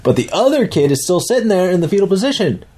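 A young man, a dad, casually retells a vivid dream in a high, slightly rough voice, talking fast. He rambles and swears, telling it in a lively way with restarts.

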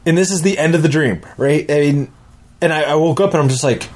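A man's voice: a little high, fairly quick. A young man casually recounting a vivid dream, rambling and swearing as he goes. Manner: rambling, swearing, lively retelling with restarts. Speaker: dad telling a dream. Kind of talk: casual storytelling.

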